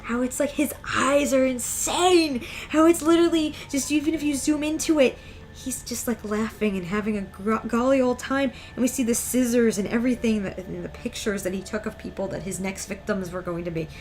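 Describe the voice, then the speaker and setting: A woman giving an excitable, emphatic, slangy casual breakdown of a manga chapter as a reviewer. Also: a little high, a little fast, hardly any pauses, soft background music.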